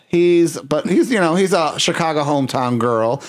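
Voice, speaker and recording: A man's voice: a little high, animated, moderate pace, few pauses. Rambling male podcast co-host. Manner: rambling, searches for words with many fillers. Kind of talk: casual chat.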